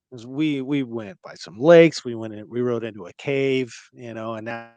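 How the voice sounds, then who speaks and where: A man hosting a podcast, chatting casually and retelling anecdotes in a relaxed way. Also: mid-range voice, no echo. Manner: relaxed, recounts anecdotes and quotes friends. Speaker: podcast host. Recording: dry, close mic.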